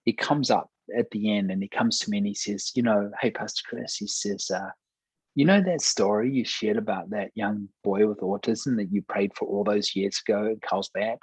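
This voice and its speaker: A man speaking with a low, husky voice, earnestly telling a testimony and acting out the voices in his story. He sounds close to the mic, and the sound is dry and unroomy. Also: normal speed, darkish tone, no echo, poor audio. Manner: earnest storyteller, acts out quoted dialogue. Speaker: pastor.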